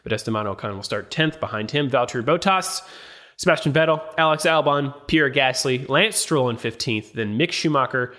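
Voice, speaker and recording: A man with a bright, forceful voice at a middle pitch. He co-hosts a podcast, reading a list of names with steady pauses between them. His tone stays chatty and easy. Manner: reads lists with measured pauses. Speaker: podcast co-host. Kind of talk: casual chat and reading a race grid.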